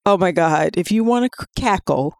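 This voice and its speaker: A woman co-hosting a podcast, reacting bluntly and animatedly in casual chat. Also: on the low side. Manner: animated, blunt, quick to laugh. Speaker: podcast co-host.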